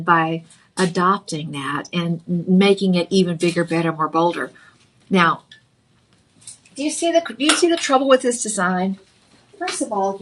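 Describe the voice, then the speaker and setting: A middle-aged woman hosting a live home shopping show, giving a chatty, playful sales pitch and calling viewers honey. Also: a little hiss or hum. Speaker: shopping channel host.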